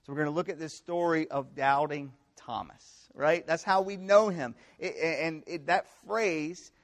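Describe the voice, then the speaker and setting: A young man preaching a conversational sermon to students, with animated storytelling and frequent rhetorical check-ins. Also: fairly high pitch, unhurried. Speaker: campus pastor.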